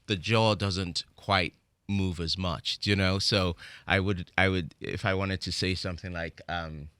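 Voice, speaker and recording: A middle-aged British man with a very low voice, chatting reflectively as an interview guest. He restarts his sentences often and leans on "you know." The sound is close and dry, with no room echo. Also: steady tone, unhurried, sharp tone, clear, resonant tone. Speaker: guest actor. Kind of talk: casual interview chat.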